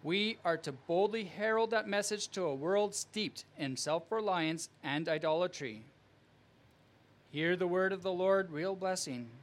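A man preaching a sermon as pastor, with earnest, emphatic delivery and measured phrasing. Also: sits high, a bit bright.

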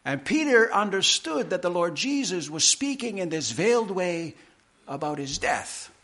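Male pastor, higher voice, very animated intonation; emphatic sermon delivery. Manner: emphatic, slow deliberate preaching with dramatic pauses.

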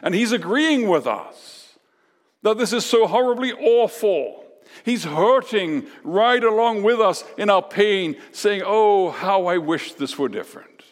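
Emphatic male pastor, higher voice. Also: lively intonation, in a large hall. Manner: emphatic preaching with dramatic pauses and repetition. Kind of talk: sermon.

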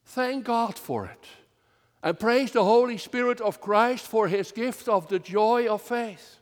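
A man preaching an earnest sermon as minister, slow and measured, rising to strong emphasis at times. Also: sits high, in a large hall. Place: church.

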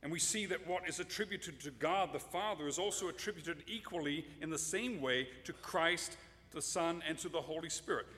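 Guy preaching a sermon, kinda high voice, lots of echo, leans hard on words. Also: moderate pace, sharp tone. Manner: emphatic, addresses children directly.

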